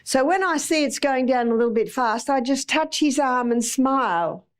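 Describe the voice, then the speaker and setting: A woman's voice: high-pitched, animated, moderate pace. Chatty Australian woman giving a talk. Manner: chatty, repeats phrases for emphasis. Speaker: health lecturer. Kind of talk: live talk to an audience.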